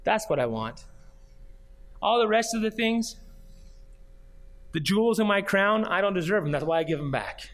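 A man's voice: high-pitched, expressive, normal speed, long pauses, a bit bright. A man, a pastor, preaching a sermon in an earnest way, reading scripture aloud and pressing his points with repeated questions. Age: adult, grew up and did junior high marching band.

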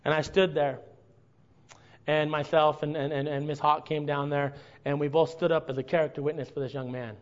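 A man preaching a sermon to his congregation, earnest and building to impassioned, drawn-out emphasis. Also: on the high side, little pitch movement, muffled recording. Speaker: pastor.

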